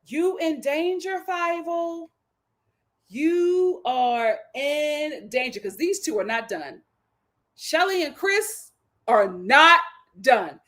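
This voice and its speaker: A woman with a bright, high voice recapping a dating show on a live stream. She is sassy and dramatic, leaning on slang. She calls out the contestants as if they could hear her. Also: very animated, takes it slowly. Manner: speaks directly to the people she discusses. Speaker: reality TV review host.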